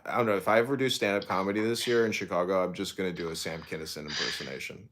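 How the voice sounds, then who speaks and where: A man's voice: low voice, steady tone, very fast, fairly bright tone. A young man hosting a podcast in casual, profane, rambling chat, often laughing. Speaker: podcast host.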